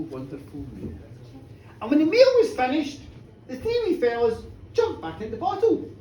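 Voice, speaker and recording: An Irish woman tells a folk tale live in a pub with lively amusement. Her voice is high yet mellow, caught from a distance in an echoey room with faint murmur behind. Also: slight background noise. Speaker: storyteller. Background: faint pub ambience.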